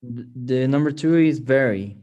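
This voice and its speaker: A man's voice: mid-range voice, normal speed, mellow, dull audio. A man, a student giving short, tentative answers in a lesson. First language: Spanish. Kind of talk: casual lesson chat.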